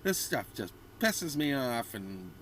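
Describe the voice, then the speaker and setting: A man's voice: mid-range voice, big pitch swings, slow pace, very noisy. A man in his fifties ranting bluntly and ramblingly as a vlogger. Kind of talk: ranting commentary.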